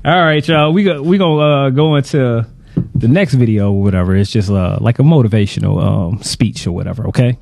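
A man hosting a podcast in relaxed casual chat, slangy and rambling with lots of fillers. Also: mid-range voice, a little fast, creaky, dry recording. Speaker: podcast host.

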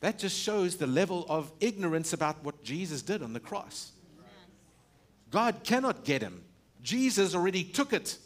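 A male pastor preaching a sermon, full of rhetorical questions and restarts, swinging from loud emphasis to hushed, low stretches. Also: very animated, normal speed.

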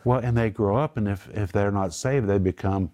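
Earnest preaching man, low voice. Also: normal speed, dark tone. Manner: earnest, emphatic preaching that moves into spoken prayer; explains Greek word meanings patiently. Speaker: Bible teacher and host. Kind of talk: Bible teaching in a studio group discussion.

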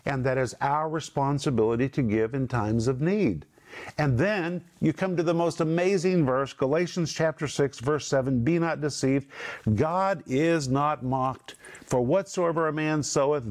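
A man's voice: mid-range voice, darkish tone. Emphatic man teaching scripture. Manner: emphatic, repeats phrases with slowed stress. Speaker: Bible teacher. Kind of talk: teaching on a Christian talk program.

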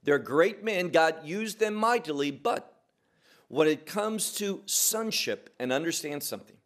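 Male Bible teacher, fairly high voice, unhurried verse-by-verse delivery, stresses key words. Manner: slow and deliberate, stressing single words.

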